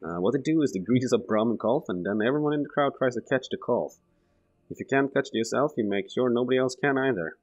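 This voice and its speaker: A man's voice: medium pitch, quick pace, dull audio, close to an everyday voice. A man voicing a weary, jaded woman who once ran a saloon, reading her game lines aloud. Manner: reads game dialogue aloud.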